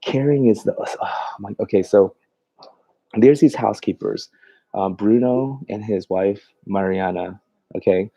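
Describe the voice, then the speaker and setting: A man's voice: fairly low pitch, a little slow, gravelly, warm tone, no echo, rough recording. A man, a mobile dog groomer, chatting casually on a livestream, reading out viewer comments, laughing often and talking in loose rambling bursts. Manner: rambling, laughs often, many fillers and restarts.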